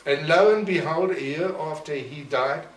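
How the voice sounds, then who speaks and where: A man's voice: on the high side, normal speed. Older man, roomy distant recording. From Rhodesia. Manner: reflective, storytelling, acts out family quotes. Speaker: interviewee. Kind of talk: oral history interview. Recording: roomy echo, distant mic, faint noise.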